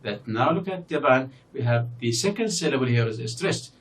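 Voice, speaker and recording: A man's voice: mid-range voice, animated, distant mic. Man lecturing off-mic, lots of uh. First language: Arabic. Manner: explaining slowly, many fillers, repeats example words. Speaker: university English lecturer. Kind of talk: recorded distance-learning lecture.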